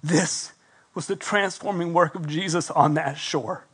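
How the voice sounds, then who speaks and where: Pastor guy with a pretty high voice, preaching and praying, really animated, does little voices for the quotes. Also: measured pace, breathy edge. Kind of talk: sermon with prayer.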